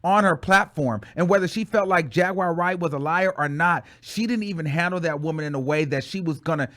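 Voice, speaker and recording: A man hosting a casual commentary chat, talking emphatically and insistently in quick bursts. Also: a little high, a bit bright. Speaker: show host. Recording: tinny phone-like line.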